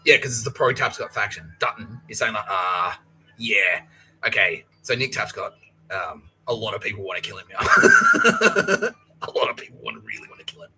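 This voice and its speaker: A man's voice: on the low side, expressive, a little fast, background noise. A man hosting a podcast, talking in a profane, laughing, rambling monologue. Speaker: podcast host.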